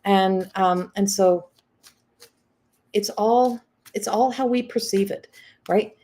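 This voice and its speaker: A woman's voice: mid-range voice, takes it slowly, mellow. A middle-aged woman hosting a live-stream energy reading, reflective and repeating her phrases as she goes. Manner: reflective, repeats phrases, reads viewer comments. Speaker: psychic reading host.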